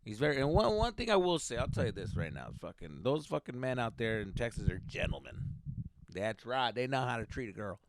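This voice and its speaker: A man from California who hosts a comedy podcast and tells a profane, animated story, laughing often. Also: mid-range voice, fairly quick, background noise.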